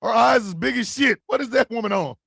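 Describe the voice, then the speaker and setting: A man hosting a stream, ranting and joking loudly with profanity and frequent laughter. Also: very high-pitched, a little fast, gravelly, husky, dry recording, studio quality. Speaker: streaming show host. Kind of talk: casual comedic rant.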